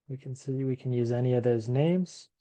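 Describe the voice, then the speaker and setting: A male English teacher with a mellow, medium-pitched voice gives a slow classroom lesson to Spanish speakers. He patiently repeats each word and thinks aloud as he writes.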